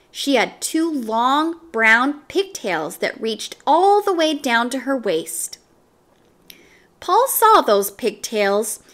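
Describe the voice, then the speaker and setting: A woman reading a children's book aloud, slow and expressive. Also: a little high. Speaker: storyteller.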